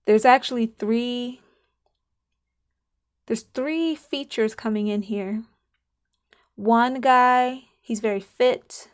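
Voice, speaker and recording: A woman's voice: on the high side, slow, long pauses, smooth, highs cut off. A woman giving a casual channeled spiritual card reading, musing aloud and repeating herself. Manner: chatty, musing, repeats herself, laughs now and then.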